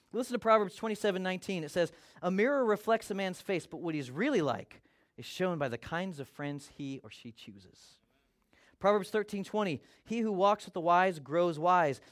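A man preaching a sermon as a pastor, talking conversationally and acting out quoted voices. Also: high-pitched.

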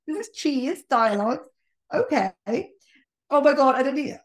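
A woman hosting a casual film review podcast, animated and blunt, often laughing. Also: high-pitched, moderate pace. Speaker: podcast host.

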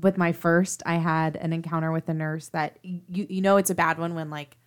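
A woman hosting a podcast, chatting casually, laughing often and getting animated when she retells a story. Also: low-pitched, brisk, smooth. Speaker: podcast host. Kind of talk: casual chat.

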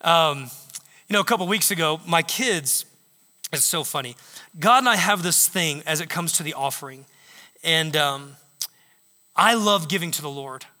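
Bright-voiced male pastor preaching in a reverberant church. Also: a little high, moderate pace, long pauses. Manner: animated storytelling, acting out quotes. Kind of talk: sermon. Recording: long reverb of a large hall.

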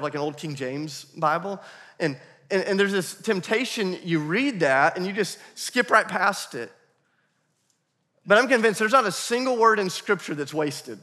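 A man preaching a sermon as pastor, animated and playful, with asides to the congregation. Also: fairly high pitch. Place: church hall. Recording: long reverb of a church hall.

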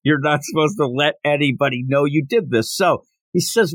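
A man's voice: fairly high pitch, animated, moderate pace, dry recording. A man hosting a podcast, casually recapping a manga chapter and briefly acting out the characters' lines and sound effects. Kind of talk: casual recap with quick voiced quotes.

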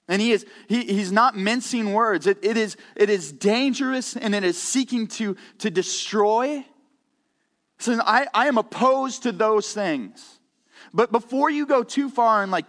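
A man's voice: sits high, moderate pace, fairly bright tone, big-room sound. A man preaching a conversational sermon in a church, earnest and candid, often repeating words as he goes. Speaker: pastor. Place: church sanctuary.

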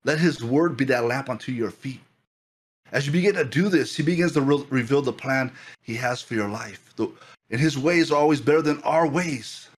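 A man preaching a fervent sermon as pastor, repeating phrases and building excitement. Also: mid-range voice, moderate pace, husky.

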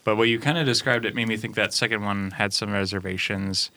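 A man's voice: lowish voice, fairly even intonation, brisk, pushed and bright. A man playing a tabletop role-playing game, talking through his moves in a casual, thoughtful way. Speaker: player.

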